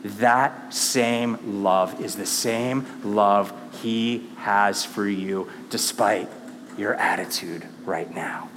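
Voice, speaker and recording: A male pastor preaching a sermon, swinging between hushed, intimate lines and emphatic, rising passages. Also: on the low side, very slow, in a large hall, a little hiss or hum. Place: church sanctuary.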